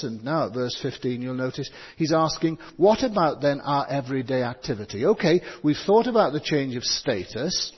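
A man preaching a sermon, reading scripture and slowing down to stress key words. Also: mid-range voice, animated, slightly rough. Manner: stresses words, slows for emphasis. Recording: dull sound with long hall reverb.

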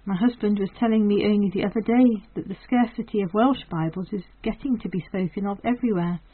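A woman's voice: medium pitch, brisk, slightly rough, natural voice. A woman reading the part of a kind, motherly farmer's wife who chats cheerfully, in a thin phone-like recording. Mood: cheery. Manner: warm chatty neighbourly tone.

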